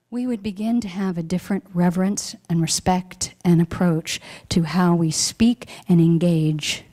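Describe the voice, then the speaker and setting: A woman's voice: mid-range voice, darkish tone. Woman minister giving a heartfelt sermon. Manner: heartfelt, reflective, emotional at times. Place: church hall.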